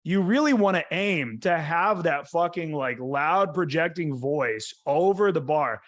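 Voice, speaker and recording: A man's voice: on the high side, expressive, a little slow, fairly bright tone. A young adult man hosting a casual podcast, talking bluntly and emphatically with lots of swearing. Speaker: host.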